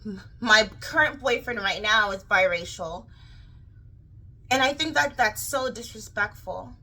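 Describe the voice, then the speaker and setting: A young woman with a childlike, girlish way of talking, ranting casually to camera in a rambling, animated way full of fillers and restarts. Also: medium pitch, a little slow, low-quality recording. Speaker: vlogger.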